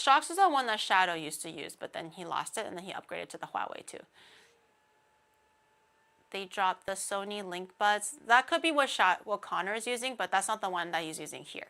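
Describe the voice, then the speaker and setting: A woman's voice: medium pitch, vocal fry, bright, forceful tone. A young woman streaming, chatting casually with her viewers, laughing often, her voice slightly naggy and whiny. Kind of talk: casual livestream chat with chat readers.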